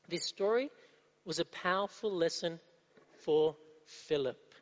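A man's voice: on the high side, slow. A male preacher giving a sermon, asking the congregation rhetorical questions and repeating key phrases. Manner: rhetorical questions, repetition, asks the audience. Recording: dull, muffled sound in a reverberant hall.

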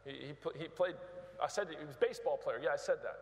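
A man's voice: on the high side, fast talker. A man preaching a sermon as a guest speaker in a large church, emphatic and prodding the congregation, often repeating words as he goes. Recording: reverberant big church hall.

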